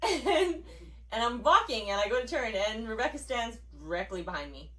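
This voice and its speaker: Animated, teasing woman cohost. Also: fairly high pitch, moderate pace, far from the mic, a crowd in the background, rough recording. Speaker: podcast co-host. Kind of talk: casual chat.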